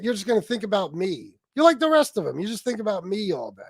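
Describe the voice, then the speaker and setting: A man's voice: high-pitched, sing-song, quick pace, few pauses, breathy edge, no echo, studio quality. A man hosting a livestream, ranting at people in a heated, sarcastic, profane way. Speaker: livestream host.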